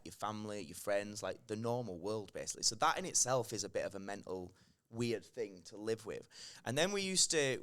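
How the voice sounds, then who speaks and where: Podcast guest, man, thirties, lowish voice, lively anecdotes with acted quotes. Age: 30s. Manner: animated storytelling, acts out quoted lines. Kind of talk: casual chat.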